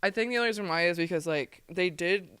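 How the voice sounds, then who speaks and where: A young adult woman co-hosting a casual podcast chat, animated and laughing, with "like" in nearly every sentence. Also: on the low side, quick pace, clean tone, no room sound. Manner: animated, laughing, heavy use of "like". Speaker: podcast co-host.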